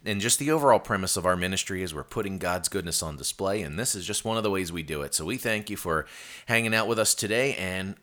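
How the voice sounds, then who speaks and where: Low-voiced bright sounding guy hosting a podcast, upbeat plugs. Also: fast. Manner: upbeat, promotional. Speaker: podcast host and church overseer. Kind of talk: podcast introduction.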